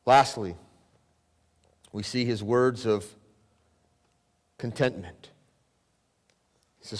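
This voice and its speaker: A male pastor preaching a sermon, swinging from loud exclamations down to hushed, near-whispered lines. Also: medium pitch, drawn-out words, long pauses. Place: church sanctuary. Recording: long church hall reverb.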